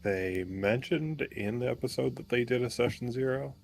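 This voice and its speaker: A man's voice: mid-range voice, moderate pace, creaky. A man chatting casually as a player, making short dry remarks. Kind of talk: casual chat.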